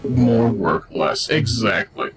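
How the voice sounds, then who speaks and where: A man's voice: lowish voice, animated, slow pace, music in the background. A man streaming a video game, giving casual, jokey commentary and riffing on what happens on screen. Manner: goofy and jokey, riffs on the game.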